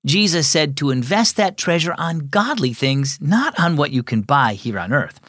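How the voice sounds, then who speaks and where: A man hosting a children's devotional program, reading scripted narration in a friendly, clear, measured way. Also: fairly high pitch, expressive, a bit bright, dry recording, studio quality.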